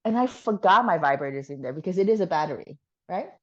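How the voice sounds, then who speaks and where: Woman guest, low voice, animated chatty storyteller who swears casually; dull lo-fi sound. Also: fast.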